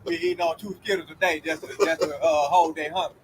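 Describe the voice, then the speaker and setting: A man's voice: on the high side, fairly even intonation, fast, slight background noise, poor audio. A man adding joking, laid-back comments in a group discussion.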